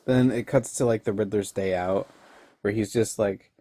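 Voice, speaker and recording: A man's voice: on the low side, fairly even intonation, normal speed, dark tone, no room sound. A young man casually recapping an episode, rambling and laughing often. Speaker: online reviewer.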